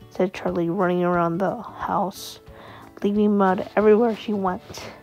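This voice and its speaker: A woman narrating a bedtime-style story in a gentle, unhurried way. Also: medium pitch, fairly even intonation, faint music behind, poor audio.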